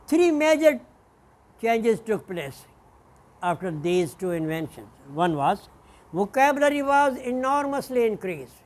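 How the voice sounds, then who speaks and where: A man lecturing as a professor, speaking deliberately and spelling out example words letter by letter. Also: very high voice, big pitch swings. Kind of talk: classroom lecture.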